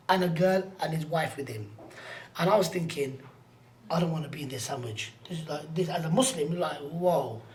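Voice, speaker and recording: A man, a podcast guest telling a personal story in a blunt, streetwise way, acting out the voices of the people in it. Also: sits high. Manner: animated, acts out voices in anecdotes. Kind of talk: casual storytelling.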